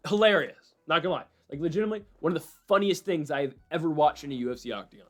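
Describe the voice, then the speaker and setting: A man casually breaking down MMA fights and predictions, rambling and excitable with frequent asides. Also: fairly high pitch, rapid-fire.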